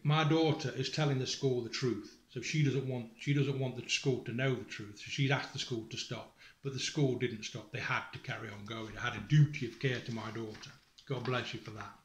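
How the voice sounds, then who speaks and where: In a steady tone at normal speed, this man's mid-range voice carries through a roomy room. Addressing his family directly as their father, he appeals to camera in distress, accusing them angrily, cursing, cutting himself off, and reading from a school report.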